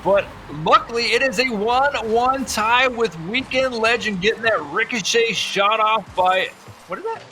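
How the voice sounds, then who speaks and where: A young man giving energetic, jokey play-by-play commentary on a video game tournament. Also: very high-pitched, slight background noise. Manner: energetic, jokey, quick exclamations. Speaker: esports commentator.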